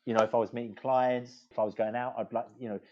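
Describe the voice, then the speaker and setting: An English man in his fifties, a law firm managing partner telling anecdotes as a podcast guest, animated and digressive with many restarts. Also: medium pitch, quick pace. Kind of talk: anecdotal storytelling in conversation. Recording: dull lo-fi sound.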